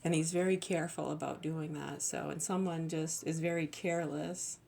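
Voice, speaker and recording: A woman's voice: sits low, fairly even intonation, normal speed, vocal fry, a little mellow. A middle-aged woman, a mother, talking in a rambling, aggrieved monologue full of restarts and swearing. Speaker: mother venting.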